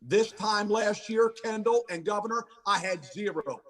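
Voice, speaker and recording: A man speaks as a podcast guest, forceful and insistent. His voice sits high for a man and sounds husky. He is picked up from a little way off the microphone. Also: expressive, unhurried, recorded from a distance. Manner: forceful, emphatic repetition. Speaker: county sheriff, guest. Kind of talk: podcast interview.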